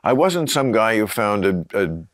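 A man's voice: lowish voice, sing-song, unhurried, dry recording. A man in his sixties hosting a casual chat, dry and teasing. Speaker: host.

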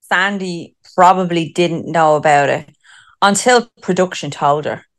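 Low-voiced sweary woman chatting. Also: unhurried. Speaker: podcast co-host. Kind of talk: casual chat.

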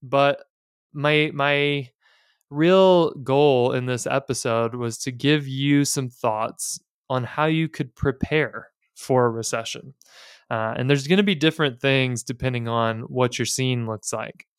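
Smooth, dry-voiced man hosting a podcast. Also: mid-range voice, slow pace, no echo. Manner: candid, chatty, plainspoken with casual asides. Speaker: podcast host. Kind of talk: casual finance podcast talk.

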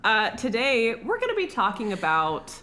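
A woman's voice: a little high, huge pitch swings, moderate pace, pushed and bright. A young adult woman co-hosting a podcast in casual, rambling, self-mocking chat. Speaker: podcast co-host.

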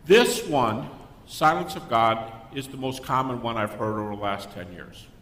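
An older man, a guest speaker, giving a Christian apologetics talk to a live audience and acting out the people in his stories. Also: normal speed. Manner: animated storyteller who acts out quoted people. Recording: echoey hall with faint rumble.

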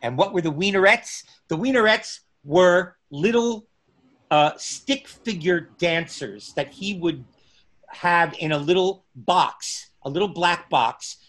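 A middle-aged man spinning a long anecdote in conversation, taking his time. His voice sits a bit high for a man, and he drawls along slowly, stopping and restarting his phrases as he thinks. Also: fairly bright tone. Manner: unhurried, pausing often, restarting phrases. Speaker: guest recounting stand-up comedy memories. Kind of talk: conversational storytelling.

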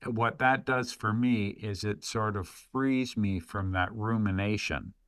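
A man appearing as a podcast guest, speaking in a measured, deliberate way with pauses. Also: on the low side, steady tone, a bit bright, no echo, studio quality. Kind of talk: reflective podcast discussion.

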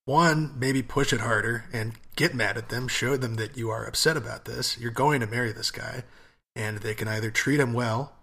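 A man co-hosts a podcast in easygoing chat. His voice is mid-pitched, with a bright, forceful edge. He speaks bluntly, swears freely, and rambles with fillers. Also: normal speed, gravelly, slightly rough. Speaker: podcast co-host. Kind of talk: casual advice chat.

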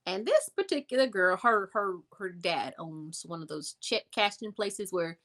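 A young adult woman telling a personal story in a conversation, animated and emphatic, repeating words for effect. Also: mid-range voice, measured pace. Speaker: guest.

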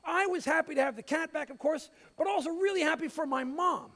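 A man pastor preaching a sermon, telling a story with light humor in an expressive way. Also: very high-pitched, a little fast. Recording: hall reverb.

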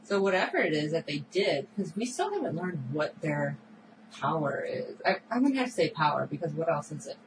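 A woman co-hosting a podcast, recapping a TV episode in a chatty, animated way full of filler words. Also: deep voice, fairly quick, noisy background. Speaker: podcast co-host. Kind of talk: casual chat recapping a TV episode.

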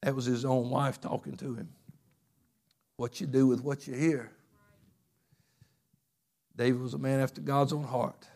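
A man preaching a fervent sermon, telling stories and swinging from loud bursts to hushed passages. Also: mid-range voice, little pitch movement, unhurried, creaky, long pauses.

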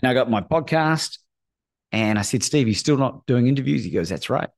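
A middle-aged man, a guest on a podcast, telling a story in a lively way, acting out the people he quotes and often asking "right?". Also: medium pitch, brisk, creaky. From Australia. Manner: acts out quoted voices, often asks "right?". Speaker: guest, courage coach. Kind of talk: animated storytelling in a podcast interview.

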